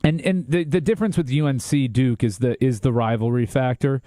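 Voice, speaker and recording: A man's voice: mid-range voice, brisk, warm tone, no echo, clean studio sound. A man co-hosting a sports talk show, giving confident, opinionated predictions in casual chat.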